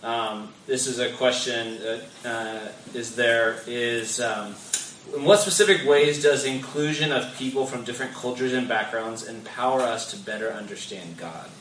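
A man's voice: mid-range voice, moderate pace, a bit bright, a little hiss or hum. A man hosting a faith discussion, asking his questions carefully and with some hesitation. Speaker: host. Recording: roomy, distant mic.

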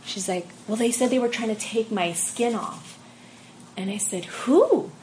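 A young woman telling an emotional personal story in a group discussion, halting and full of fillers. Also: mid-range voice, a little hiss or hum, poor audio.

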